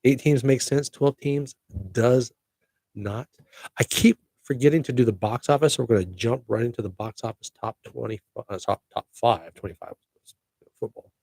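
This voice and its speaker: Hosting his casual solo podcast, a middle-aged man keeps things chatty and cheerful, slipping in jokes at a moderate pace. The voice is mid-pitched, gravelly and a little mellow, captured close and dry without any echo.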